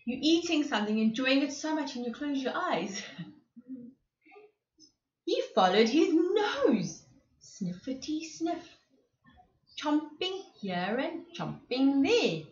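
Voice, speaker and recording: A woman preschool presenter reading a rhyming picture book to young children, animated and often asking them questions. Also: high-pitched, slow pace. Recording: echoey room, slightly dull sound.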